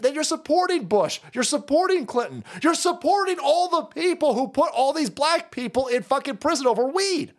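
A man from the San Francisco Bay Area ranting profanely as a streamer, mocking and swinging between muttering and yelling. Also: extremely high pitch. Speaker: streamer and political commentator. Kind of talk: profane political rant.

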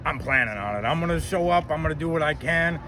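A man's voice: fairly high pitch, lively intonation, quick pace, pushed and bright, a little hiss or hum. A man, a rapper, giving an easygoing, self-mocking interview outdoors after a show. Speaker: rapper guest. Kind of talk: casual interview.

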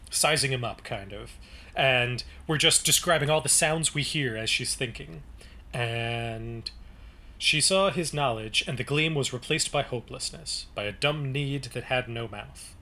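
A man's voice: mid-range voice, pushed and bright. A man co-hosting a casual book podcast, reading passages aloud and breaking off to comment. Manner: reads narration then breaks off to comment, with chatty restarts.

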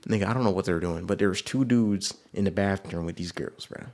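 A man's voice: low-pitched, brisk. A young man co-hosting a casual podcast, telling a rambling story with lots of slang and repeated phrases. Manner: animated, slangy, repeats himself. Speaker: podcast co-host.

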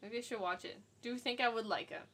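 A podcast co-host chats casually about movies, confessing which films made her cry. Her voice sits on the high side, quick and a bit bright.

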